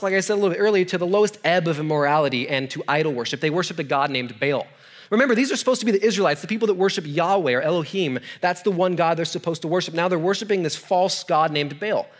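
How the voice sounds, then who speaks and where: A man, a youth pastor, giving a sermon in a conversational, storytelling way, with jokey asides and questions to his audience. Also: high voice. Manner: joking asides and self-deprecating humor.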